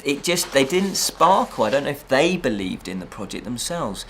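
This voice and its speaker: A man reviewing a film in a casual chat, animated and exasperated, repeating points for emphasis. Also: mid-range voice, moderate pace, a little hiss or hum. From United Kingdom.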